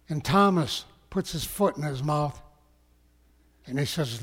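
A man preaching a sermon as a pastor, slow and emphatic, sometimes dropping to a hush. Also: fairly high pitch, lively intonation, breathy edge. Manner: slow, emphatic preaching that drops to hushed tones. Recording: long echoing hall.

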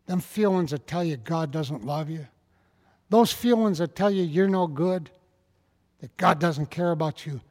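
Folksy preacher man in echoing hall. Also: fairly high pitch. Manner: folksy, building to fervent shouted passages. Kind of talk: sermon.

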